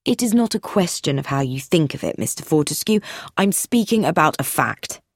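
A woman voicing a calm, probing police inspector who questions in a measured, persistent way. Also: deep voice, dry recording, studio quality.

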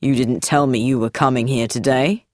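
A woman's voice: extremely low pitch, fairly even intonation, normal speed, a little mellow, no echo, clean studio sound, pitched below the performer's own voice. A woman voicing a stiff, cold older brother, a businessman who speaks coldly and defensively.

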